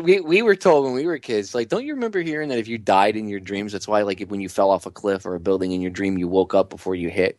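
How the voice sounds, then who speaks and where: A man co-hosting a casual podcast, blunt and excitable, with stammering restarts. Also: on the low side, no echo. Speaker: co-host.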